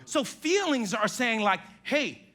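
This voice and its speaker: A male pastor preaching a sermon in a church, acting out quotes from spouses in an animated way. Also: very high voice, slow.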